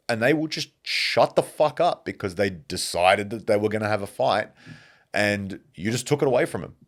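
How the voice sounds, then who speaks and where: A man hosting a podcast, telling stories in a casual, animated monologue and swearing freely. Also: lowish voice, moderate pace. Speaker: podcast host.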